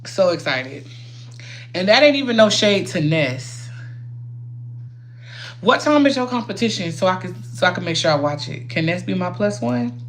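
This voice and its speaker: Woman livestreamer, low-pitched, loose and profane, faint background hiss. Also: animated, normal speed, long pauses. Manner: chatty, rambling, swears freely, talks to viewers. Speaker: livestream host. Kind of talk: casual livestream chat while doing makeup.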